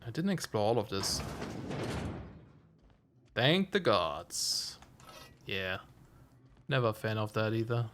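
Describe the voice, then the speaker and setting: A man's voice: on the low side, big pitch swings, slow, pauses often, background noise. A man streaming a video game, giving casual commentary and thinking aloud with frequent chuckles. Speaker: let's play streamer.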